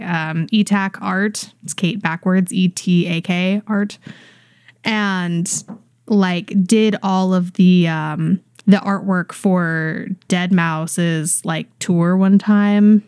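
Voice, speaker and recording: A woman's voice: lowish voice, a little mellow, clean tone, no echo, clean studio sound. A woman co-hosting a podcast, talking casually with lots of fillers. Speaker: podcast co-host. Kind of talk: casual chat.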